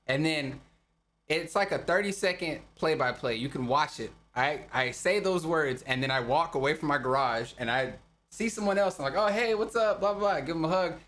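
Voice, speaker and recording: Young male podcast co-host, higher-leaning voice, animated and profane storyteller who acts out his quotes. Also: brisk. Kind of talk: casual storytelling chat.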